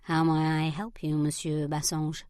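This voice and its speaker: A cautious young groom voiced by a woman narrator answers with stiff politeness. The voice stays low and plain, close to the mic in a dry room. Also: monotone, measured pace, a little mellow, no room sound. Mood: wary, courteous. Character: young English groom, wary and protective.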